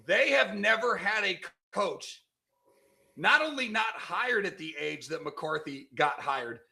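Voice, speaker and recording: A middle-aged man from California hosts a casual sports talk show, loud, emphatic and quick to argue. His voice sits high and bright, with a gravelly edge of vocal fry running through it. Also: expressive. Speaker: podcast host.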